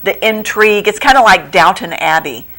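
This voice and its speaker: A middle-aged woman who runs a bookstore, chatting as a guest in a local TV studio interview, animated and quick to laugh as she retells plots. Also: rough recording. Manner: acts out quoted lines in a higher voice. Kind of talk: casual TV interview chat.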